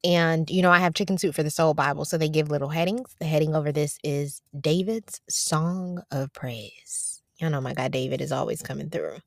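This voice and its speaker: A woman hosting a devotional podcast, chatting casually and encouragingly, then reading scripture aloud slowly. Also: low voice, vocal fry, no room sound, studio quality. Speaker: podcast host.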